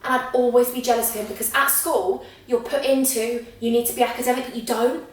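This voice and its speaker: Woman in her 20s, podcast host, quick chatty storyteller; roomy and distant sound. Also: on the high side, fairly even intonation. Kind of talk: casual chat. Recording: echoey room, mic at a distance.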